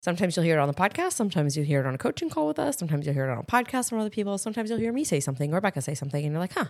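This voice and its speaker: A woman co-hosting a podcast, chatting casually and telling lively family stories. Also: lowish voice, very fast, no echo. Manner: animated storyteller acting out family moments. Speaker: podcast co-host. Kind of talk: casual chat.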